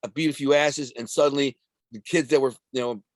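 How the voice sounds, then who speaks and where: Fast-talking streetwise man, dry sound. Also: medium pitch, steady tone, dry recording. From Detroit, USA. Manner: streetwise, profane, rambling storyteller. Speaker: podcast guest. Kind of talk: casual storytelling interview.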